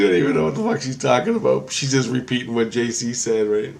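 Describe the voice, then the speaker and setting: A man casually recounting a story in a vlog, excitable and profane, switching into a raised voice when quoting people. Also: medium pitch, fast, vocal fry, hardly any pauses, a little hiss or hum. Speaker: vlogger.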